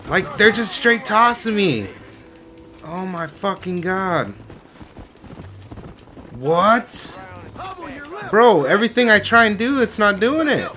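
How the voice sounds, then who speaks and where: A man's voice: sits high, sing-song, slow, pauses often, bright, forceful tone. A man doing gameplay commentary, swearing and exclaiming at the game out of frustration. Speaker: gamer.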